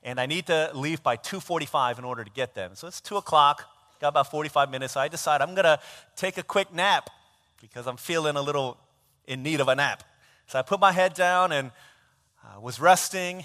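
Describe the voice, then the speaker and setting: Man, pastor, sermon, animated storytelling, bright forceful tone, long church reverb. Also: a little high. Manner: animated, self-mocking storyteller.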